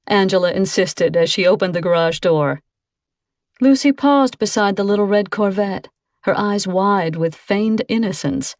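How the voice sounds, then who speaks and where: Woman audiobook narrator, measured and suspenseful, mid pitch, dry close mic. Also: darkish tone, no room sound. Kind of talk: scripted narration.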